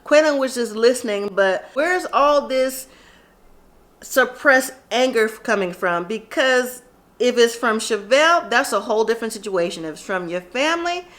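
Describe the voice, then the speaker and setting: Woman, high voice, casual TV recap, chatty, opinionated. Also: animated, moderate pace, a bit bright. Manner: chatty, opinionated, talks straight to the people on screen. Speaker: TV recap vlogger.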